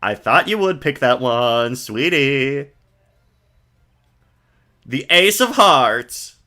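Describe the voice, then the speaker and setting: A man's voice: mid-range voice, expressive, drawn-out words, sharp tone, exaggerated voice. A man voicing a vain, flamboyant male stage magician in a video game, theatrical and smarmy. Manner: theatrical, drawls "sweetie", showy.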